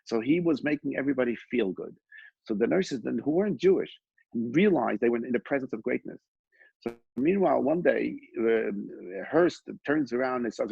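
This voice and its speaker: A man's voice: mid-range voice, animated, moderate pace, gravelly, a little mellow, husky, no echo, dull audio. A man giving an informal Torah class, telling stories in a conversational way with frequent restarts and quoted dialogue. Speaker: Torah teacher.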